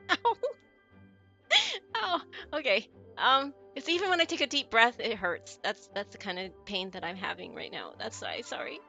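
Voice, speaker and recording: Bright, giggly woman streamer. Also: mid-range voice, very animated, moderate pace, creaky, few pauses, faint music behind. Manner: giggly, chatty, answers chat messages. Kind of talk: casual chat with viewers while gaming.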